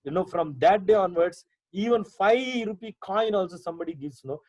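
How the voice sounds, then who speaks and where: A man's voice: high voice, animated, moderate pace, no room sound. A man with an Indian English accent, a pastor giving Bible teaching as a personal testimony over a video call, talking conversationally with many fillers and repeats. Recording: dull lo-fi video call audio.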